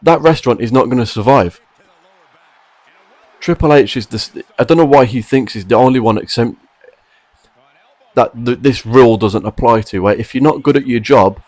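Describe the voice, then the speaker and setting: A man's voice: mid-range voice, a little mellow, no echo. A man delivering a frustrated, emphatic opinion rant to camera about wrestling. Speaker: wrestling commentary vlogger.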